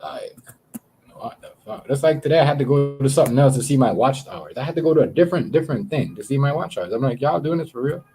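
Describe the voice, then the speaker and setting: A man's voice: medium pitch, expressive, rapid-fire, hardly any pauses, warm tone. A man chatting casually on a livestream, rambling and swearing, often repeating words as he talks to his viewers. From Canada. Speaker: live streamer.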